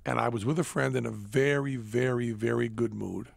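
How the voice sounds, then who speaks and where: A gravelly, husky older man hosts a casual studio chat, spinning wry stories at an easy clip. His voice sits in a middle range, rough and a little raspy. The sound is dry and close. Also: medium pitch, fairly even intonation, moderate pace, no echo. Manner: storytelling, wry. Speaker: podcast host.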